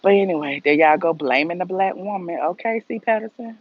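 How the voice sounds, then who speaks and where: In a muffled recording, a woman from Atlanta, USA, with a fairly low voice and a fairly quick pace, chats casually with her livestream audience. She's a gossip vlogger answering live chat, giving blunt opinions and reading viewers' comments aloud as she goes.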